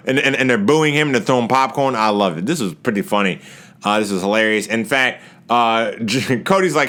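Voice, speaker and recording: Lively, animated man recapping wrestling. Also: on the low side, moderate pace. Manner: animated, laughs often, acts out wrestlers' lines in raised voices. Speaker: wrestling show reviewer. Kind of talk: casual recap commentary.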